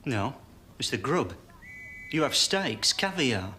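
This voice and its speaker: A man's voice: mid-range voice, very animated, takes it slowly, sharp tone, a little hiss or hum, exaggerated voice. An actor playing a blunt, plain-spoken male prisoner of war. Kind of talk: 1990s TV comedy film.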